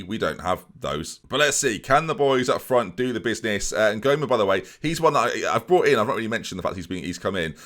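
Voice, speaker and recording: A man's voice: mid-range voice, fairly bright tone. A young man giving casual, self-mocking commentary on a football management game, often talking to his viewers. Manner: chatty, self-mocking, keeps addressing viewers. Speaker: gaming YouTuber. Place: home room, alarm outside.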